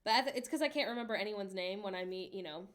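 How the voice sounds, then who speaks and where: A woman in her late twenties, hosting a livestream in a casual, candid chat and reading viewer messages aloud with animated asides. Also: mid-range voice, quick pace. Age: late 20s. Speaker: livestream host.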